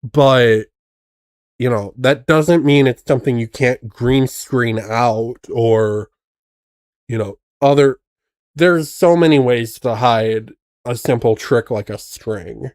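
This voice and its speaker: Skeptical guy streamer reacting to a clip, talks slow, dry close mic. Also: medium pitch, darkish tone, dry recording. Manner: skeptical, picks apart tricks. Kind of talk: casual reaction commentary.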